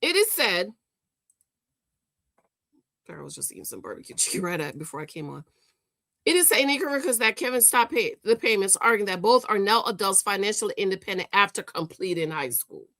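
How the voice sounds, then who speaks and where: A woman's voice: medium pitch, expressive, a little fast, a bit bright, dry recording. A woman hosting a gossip commentary show, exasperated and scolding, stammering and repeating herself as she rants. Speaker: host.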